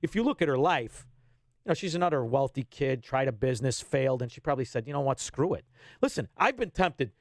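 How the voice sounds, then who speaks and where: A man, ranting bluntly as a radio guest and swinging between loud bursts and low asides. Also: very animated, fast, no room sound, studio quality. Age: 50s. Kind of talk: heated political radio talk.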